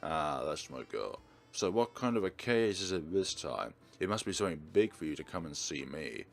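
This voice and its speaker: A man voicing a middle-aged yakuza father who is dry, teasing and stern, speaking low and slow. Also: very animated, gravelly, exaggerated voice. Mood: fond.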